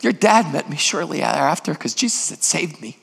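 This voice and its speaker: A man's voice: on the high side, very animated, normal speed, creaky, husky. A man preaching a sermon as a guest preacher, emphatic and putting questions to the congregation, in a church sanctuary. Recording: long hall reverb.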